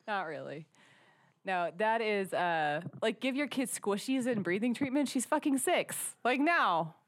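A mother in her thirties giving blunt, sarcastic takes on a comedy podcast. Her pitch swings up and down a lot as she talks, and she laughs easily. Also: lively intonation, unhurried. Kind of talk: casual comedic chat.

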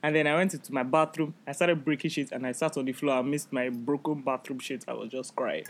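Young woman, podcast co-host, blunt, foul-mouthed, animated storyteller. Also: rumbling low, quick pace. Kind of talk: casual chat.

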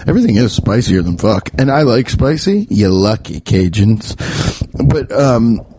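A man's voice: on the low side, sing-song, measured pace, mellow, a little hiss or hum. A man from the US Midwest hosting a show alone, ranting with swearing and laughing at his own jokes. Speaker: podcast host. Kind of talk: solo comedic rant. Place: at home by a window.

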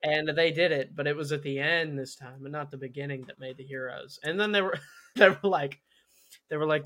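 A young man co-hosting a podcast, chatting in a relaxed way and acting out his friends' reactions while he tells a story. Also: on the high side, fairly quick. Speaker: podcast co-host. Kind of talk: casual chat.

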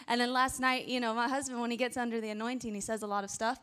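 Smooth-voiced woman preaching. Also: fairly high pitch, fast talker. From American South. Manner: chatty, animated storytelling with many asides. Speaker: guest preacher. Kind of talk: storytelling sermon. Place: church sanctuary before a congregation. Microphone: handheld microphone.

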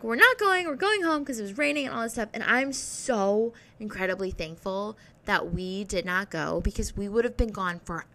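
A young woman talking casually to camera in a rambling, sweary, animated way. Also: medium pitch. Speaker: vlogger.

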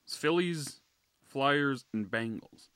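Bright, lively podcast co-host man. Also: mid-range voice, slow, clear, resonant tone, no echo. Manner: relaxed, chatty, reads listener questions. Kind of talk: casual chat.

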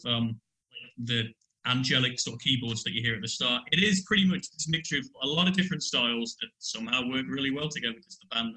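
A man on a podcast, a musician, talking through a song in a loose, animated way with lots of restarts. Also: mid-range voice, rough recording. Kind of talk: casual music discussion.

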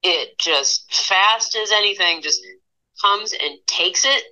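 A woman in her thirties from Pennsylvania, a guest artist telling stories in a casual interview, animated and laughing often, with lots of fillers. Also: mid-range voice, slow pace, low-quality recording. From Pennsylvania, USA.

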